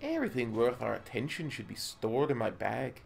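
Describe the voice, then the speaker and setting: Playful gravelly man streaming a game. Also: medium pitch, huge pitch swings, normal speed, faint music behind. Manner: playful, jokey. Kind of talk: casual gameplay commentary.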